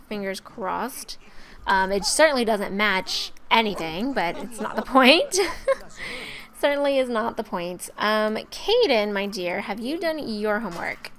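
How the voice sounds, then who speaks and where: A woman's voice: medium pitch, a bit bright. A young woman giving casual, chatty gameplay commentary as a let's play host, talking to her game characters.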